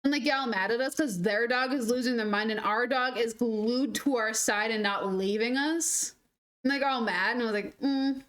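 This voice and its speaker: Young woman streamer, slightly high-pitched, rambles through anecdotes in casual, animated chat. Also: moderate pace. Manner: rambling, animated storytelling full of "like". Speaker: gaming streamer. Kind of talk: casual chat while gaming.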